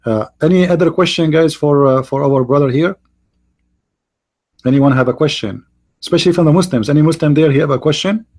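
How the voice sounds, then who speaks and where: Husky man hosting a live stream. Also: on the high side, a little mellow. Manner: halting, many fillers and restarts. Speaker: host. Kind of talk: live-stream debate talk.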